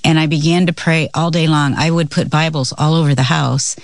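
A woman's voice: deep voice, steady tone, fairly quick, dry recording, studio quality. A middle-aged woman co-hosting a faith talk show, chatty and laughing often as she shares her own story. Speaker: co-host.

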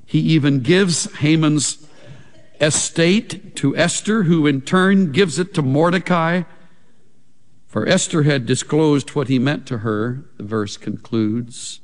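A man preaching a sermon as a pastor, slow and emphatic, with big swings in pitch and loudness. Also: long reverb tail.

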